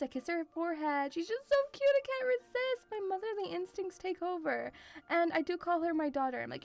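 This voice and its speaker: High-voiced doting woman streamer. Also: lively intonation, brisk, creaky, faint music behind. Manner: rambling, doting, calls viewers sweetie. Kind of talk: casual live-stream chat.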